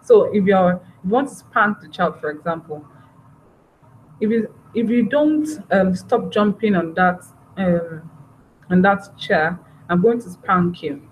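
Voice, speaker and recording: A woman's voice: mid-range voice, takes it slowly. A woman giving a parenting workshop, talking earnestly and repeating her phrases. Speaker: parenting trainer. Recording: dull, slightly noisy recording.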